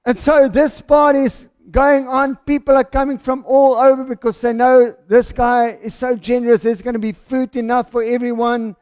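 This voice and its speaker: A man's voice: very high voice, flat delivery, moderate pace, few pauses, darkish tone, smooth. A South African man preaching a passionate, storytelling sermon as pastor.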